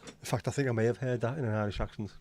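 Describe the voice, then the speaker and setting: A man's voice: medium pitch, fairly even intonation, rapid-fire, darkish tone, slight background noise. A middle-aged man chatting casually on his livestream, joking and answering viewers' messages. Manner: easygoing, jokey, responds to chat messages. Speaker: livestream host.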